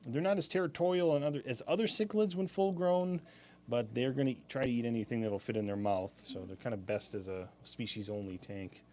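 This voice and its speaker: A man's voice: mid-range voice, brisk, warm tone. A young man hosting a live-stream sale, chatting casually with easy laughs and rambling asides.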